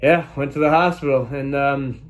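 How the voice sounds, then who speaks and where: A young man telling a childhood story in a casual, animated way, full of sound effects and exclamations. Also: medium pitch, moderate pace. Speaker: storytelling vlogger.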